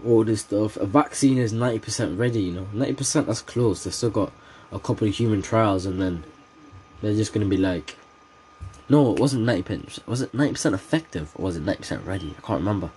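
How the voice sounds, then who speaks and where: A man's voice: fairly low pitch, fast talker, a little mellow, a little hiss or hum. A teenage man hosting a casual solo podcast, rambling from topic to topic with slang and frequent laughter. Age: teens. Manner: rambling, joking, laughs often, slang-heavy. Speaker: podcast host.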